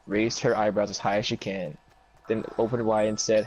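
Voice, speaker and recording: A man with a somewhat low voice tells a rambling, profane story in relaxed, casual chat. He jumps between the story and quoted lines from the people in it, with a faint hiss behind him. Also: brisk, lo-fi sound.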